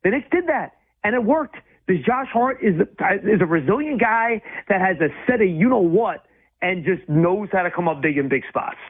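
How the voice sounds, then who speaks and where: A high-voiced man talks sports in a quick, emphatic flow, restarting his sentences as he goes. His voice comes through a thin, phone-like line. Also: expressive, slightly rough. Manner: fast, emphatic, with repeated restarts. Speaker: sports radio co-host. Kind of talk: casual sports talk.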